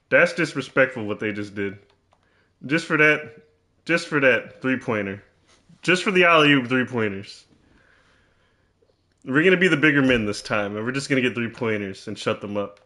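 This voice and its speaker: A man's voice: medium pitch, animated, normal speed, pauses often, pushed and bright. A man commentating his own basketball video game, teasing and trash-talking in a mock-serious way and often repeating himself.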